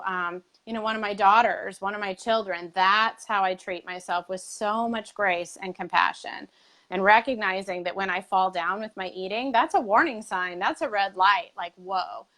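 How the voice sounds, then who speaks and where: A woman co-hosting a live coaching chat on faith and weight loss. She speaks gently and encouragingly, at a middle pitch for a woman. Her talk is steady and reassuring.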